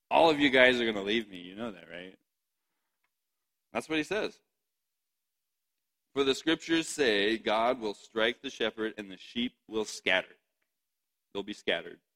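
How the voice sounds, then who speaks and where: Man, preacher, lowish pitch, bright forceful tone, chatty sermon delivery with laughs. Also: low-quality recording. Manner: chatty, laughs often, asks the audience "right?".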